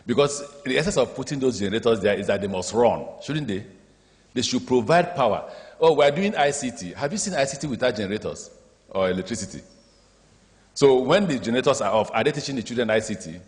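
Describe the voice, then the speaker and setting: A man's voice: mid-range voice, fast. Nigerian man giving a speech at a summit, acts out the back-and-forth in his stories, big echoey hall. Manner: lively storyteller, acts out dialogue in speech, draws audience laughter. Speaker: state governor addressing an education summit. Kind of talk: speech with anecdotes. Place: large conference hall. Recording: reverberant hall.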